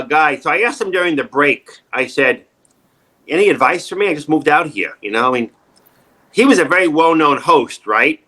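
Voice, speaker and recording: Man in his 60s, bright higher voice, animated storyteller; interview guest. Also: poor audio. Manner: animated, acts out quoted voices loudly. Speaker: actor guest.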